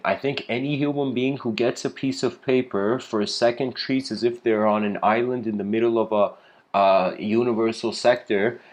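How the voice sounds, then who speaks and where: Male speaker, easygoing lecture delivery, loose and rambling. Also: medium pitch. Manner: rambling, laid-back, says "you know" constantly, laughs often. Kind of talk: casual spoken lecture.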